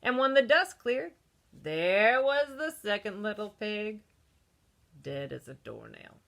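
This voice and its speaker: A woman's voice: medium pitch, big pitch swings, takes it slowly, vocal fry, fairly bright tone, heavily acted. A woman voicing a male wolf who tells his own side of a children's story, conspiratorial and cheeky. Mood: sly. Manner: conspiratorial storytelling, with gasps and sneezes.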